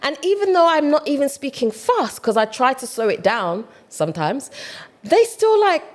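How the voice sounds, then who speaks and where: A woman with a British accent, talking casually to camera in a chatty, animated way. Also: high voice, normal speed. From United Kingdom. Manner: chatty, animated, mimics other voices. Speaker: vlogger.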